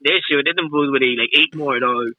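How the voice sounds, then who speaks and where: A man's voice: medium pitch, brisk, highs cut off. A man telling a rowdy story in casual chat, laughing and swearing, after a few drinks. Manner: laughing, swearing, animated retelling. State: has been drinking.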